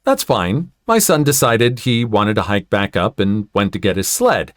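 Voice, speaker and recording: A man reading online stories aloud in an expressive way, adding sympathetic comments of his own. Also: on the low side, a little slow, dry recording, clean studio sound. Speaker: story narrator.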